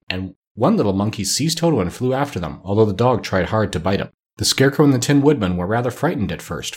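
A man narrating a children's storybook aloud in a measured, unhurried way. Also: on the low side, slightly rough.

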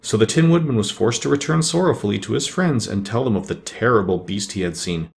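A man's voice: fairly low pitch, a little fast, vocal fry. A man reading a children's storybook aloud as narrator, voicing each character in turn. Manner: expressive, voices each character. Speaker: audiobook reader.

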